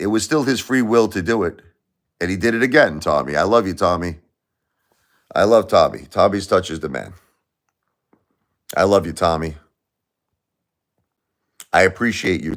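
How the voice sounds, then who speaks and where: Guy doing a casual live stream, lowish voice, keeps repeating his point, gets loud then quiet. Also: lively intonation, moderate pace, long pauses. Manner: emphatic, repetitive, swings between loud and quiet. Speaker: livestream host. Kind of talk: casual livestream chat.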